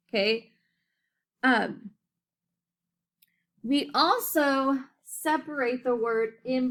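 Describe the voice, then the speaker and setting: A woman teacher leads young children through a phonics lesson. Her voice sits a little high, and she speaks very slowly, drawing words out syllable by syllable. She keeps checking in with a gentle "okay?" between points. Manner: slow, clear, drawn-out enunciation with frequent "okay?" checks.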